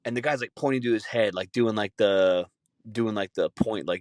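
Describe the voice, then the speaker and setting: Rambling, cussing low-voiced guy telling stories. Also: moderate pace, a little mellow, no room sound, studio quality. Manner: rambling, swears a lot, mimics people he tells about. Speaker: podcast host. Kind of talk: casual storytelling chat.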